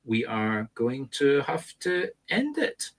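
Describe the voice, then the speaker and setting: A man's voice: mid-range voice, big pitch swings, takes it slowly, creaky. Scottish man in an instructive teacher's tone. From Scotland. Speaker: medium and co-host. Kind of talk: casual panel chat.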